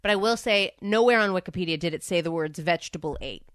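A woman in her thirties co-hosts a casual podcast, wandering from one joke to the next. Her voice is bright, smooth and clear. It sits dry and close to the mic. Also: fairly low pitch, dry recording. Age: 30s. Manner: playful, rambling, quick to joke. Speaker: podcast co-host. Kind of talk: casual chat.

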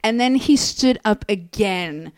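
A woman in her forties telling a story with excited, animated energy in casual chat. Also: mid-range voice, takes it slowly.

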